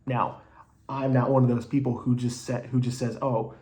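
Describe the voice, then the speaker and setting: A man's voice: medium pitch, little pitch movement, moderate pace, dark tone. A man giving a casual, rambling movie review, talking bluntly with plenty of "you know" and "like" and the odd swear word.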